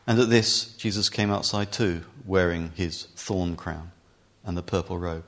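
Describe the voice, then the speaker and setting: A man reading a scripture passage aloud as scripted narration, in clear, even storytelling. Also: low voice, a little slow. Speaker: reader.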